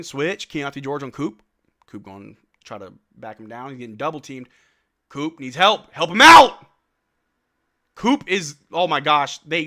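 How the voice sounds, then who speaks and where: A young man calling a basketball game for his stream viewers as a fan, quick to shout and laugh at big plays. His voice is bright and forceful, and it leaps around in pitch. It sits a little above the usual register for a man. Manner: excitable, shouts and laughs at big plays, trash-talks players. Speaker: live stream watch-along host. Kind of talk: fan play-by-play commentary.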